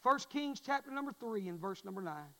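A man preaching a fervent sermon in a church, repeating his phrases and swelling into loud pleas. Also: high voice, very animated, brisk, big-room sound, low-quality recording. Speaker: pastor.

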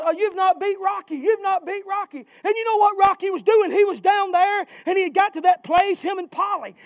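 A pastor delivering a fiery sermon in a strikingly high, dry voice, recorded close with no room echo. He builds his points into passionate, shouted refrains. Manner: southern-style preaching, swells into shouting.

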